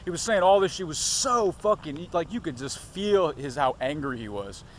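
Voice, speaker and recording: A man with a slightly higher-pitched voice talks straight into a camera on a city street. His vlog is profane and rambling, and he keeps wandering off topic. Faint traffic noise hums behind him. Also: expressive, moderate pace. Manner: profane, rambling, digresses often. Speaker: vlogger.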